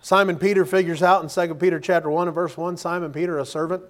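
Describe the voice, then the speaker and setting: A male preacher with a notably high voice delivers a lively sermon. He presses his listeners with rhetorical questions and reads verses aloud between his points. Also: quick pace.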